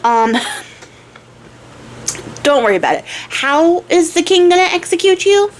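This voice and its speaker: A woman's voice: very high-pitched, very animated, measured pace, a little hiss or hum, voice pushed up, heavily acted. A smug talking horse with magic powers, as a woman puts him on, dry and knowing. He sounds like the clever sidekick of a storybook tale.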